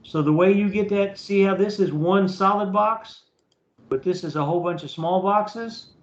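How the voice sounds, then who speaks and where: In a video meeting, a high-voiced professor teaches an online class at a moderate pace, taking a casual step-by-step approach and checking understanding with a frequent "okay?". His computer mic gives a roomy, fairly dull, lo-fi recording.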